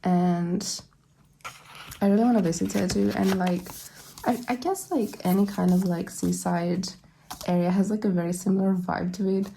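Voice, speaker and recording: A woman's voice: mid-range voice, steady tone, moderate pace, vocal fry, dark tone, slight background noise. A woman chatting casually as she unboxes and shows off her album collection, gushing and rambling with little laughs. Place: at home, living in London.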